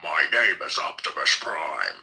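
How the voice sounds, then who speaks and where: A man doing a slow, deep robot leader. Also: big pitch swings, creaky, sharp tone, heavily acted. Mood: menacing. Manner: slow, low and rumbling. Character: deep-voiced giant robot leader, crude and menacing.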